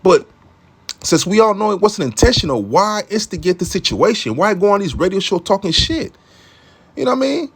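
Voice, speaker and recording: Young male commentator, high pitched, rambling and profane, constant "man" filler. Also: fairly quick, slightly rough. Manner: profane, animated street talk. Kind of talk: casual monologue commentary.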